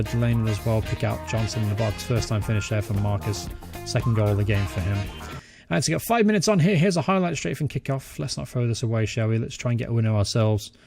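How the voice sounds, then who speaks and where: A young man giving excitable live commentary over a football management game, cheering at goals. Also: mid-range voice, creaky. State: out of breath. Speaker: gaming channel host.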